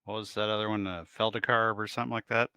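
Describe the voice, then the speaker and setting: A man's voice: lowish voice, flat delivery, fast, sharp tone, smooth. A man playing a tabletop game, dropping dry, wisecracking asides. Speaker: player. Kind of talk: casual tabletop game chat.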